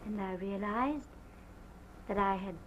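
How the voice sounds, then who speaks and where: An actress playing a distraught young wife who recounts a violent night in a halting, theatrical manner, from an early sound film drama. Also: female voice, mid-range voice, lightly acted. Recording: dull lo-fi early film soundtrack with faint hiss.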